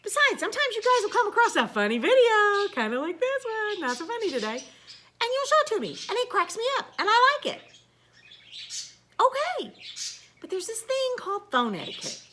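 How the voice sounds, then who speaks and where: Woman teacher, bright high voice, sarcastic rant. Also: huge pitch swings, a little fast, slight background noise. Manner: sarcastic, blunt, swears. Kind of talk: casual ranting vlog.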